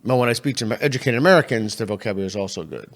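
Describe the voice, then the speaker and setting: A man hosting a podcast conversation, asking probing questions in a measured way. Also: fairly low pitch. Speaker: podcast host. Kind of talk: casual conversation.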